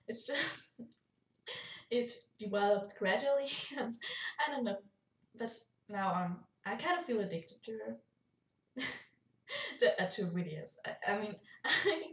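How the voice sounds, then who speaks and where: A woman's voice: mid-range voice, fairly bright tone. A young woman with a German accent, chatting casually in a rambling vlog and laughing often. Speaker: YouTuber. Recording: echoey room, far from mic.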